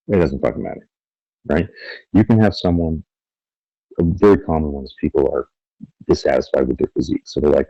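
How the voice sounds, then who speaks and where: A deep, mellow male voice tells stories with blunt candor, dropping curses and slipping into quoted voices. He sounds middle-aged. The recording is dry and close, with slightly dull, lo-fi highs. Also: fast talker, long pauses, no room sound. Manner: blunt, profane, animated storytelling with acted-out quotes. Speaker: podcast guest. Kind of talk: candid interview talk.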